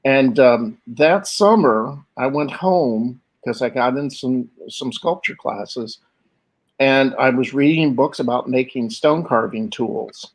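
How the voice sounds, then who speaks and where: An older man being interviewed, telling stories in a lively way, acting out the voices of the people in them and laughing often. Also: mid-range voice, slow pace, low-quality recording. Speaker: guest artist. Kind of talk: conversational interview storytelling.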